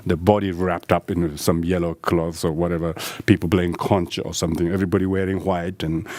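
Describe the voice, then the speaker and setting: An older man who is a lama giving a dharma talk, telling a story with frequent laughs and halting restarts. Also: sits low, flat delivery, a little mellow, dry recording. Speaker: lama, meditation teacher.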